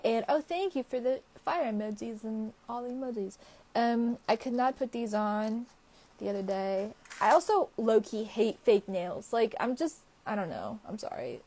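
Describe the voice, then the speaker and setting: A young woman with a slightly high voice talks casually to her viewers on a phone livestream. She rambles and fills her sentences with filler words, laughing often between thoughts. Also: warm tone. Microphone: phone or webcam livestream.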